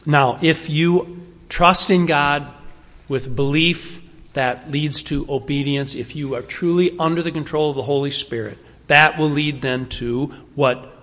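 A man preaching a sermon in a conversational, emphatic way, shifting between quick asides and slow, weighted phrases. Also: on the high side, fairly bright tone. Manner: conversational, emphatic, varying pace and volume. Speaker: pastor. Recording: long reverb of a hall.

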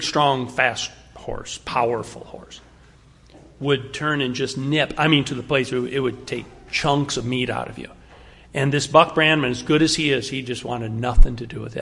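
A male pastor delivers a sermon in a relaxed, conversational manner, pressing hard on key words. His voice sits a touch higher than most men's. The sound carries a long, lingering reverb, as from a church sanctuary. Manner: conversational, emphatic, varying pace and volume.

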